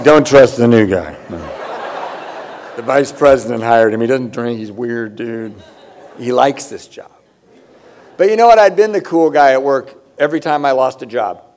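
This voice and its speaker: A man of around fifty telling a comic story live, self-mocking and animated, acting out the voices in it. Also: mid-range voice.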